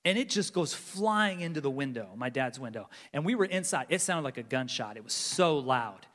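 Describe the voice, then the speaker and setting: A man in his forties preaching a sermon, moving between loud urgency and hushed, near-whispered lines. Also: mid-range voice, animated, normal speed. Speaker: pastor. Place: large church sanctuary. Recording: long reverb of a large church hall.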